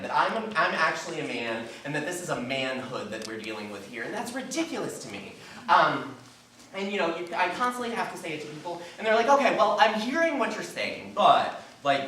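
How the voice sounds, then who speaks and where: A woman doing live stand-up, self-deprecating and animated, her pitch leaping up and down. She is heard from a distance in a very echoey, noisy small venue. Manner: self-deprecating, animated, lots of put-on voices. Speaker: stand-up comedian.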